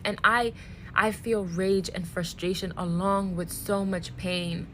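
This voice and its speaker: A woman speaking earnestly and deliberately to camera, emotionally worn out. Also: mid-range voice, fairly even intonation, fairly bright tone, a little hiss or hum, rough recording. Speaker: social media creator. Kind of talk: direct-to-camera commentary video.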